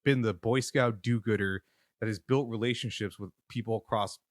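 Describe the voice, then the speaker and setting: Lower-voiced, breathless podcast co-host. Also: male voice, normal speed, no room sound, studio quality. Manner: laid-back, thinks aloud, casual swearing. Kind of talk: casual chat about wrestling.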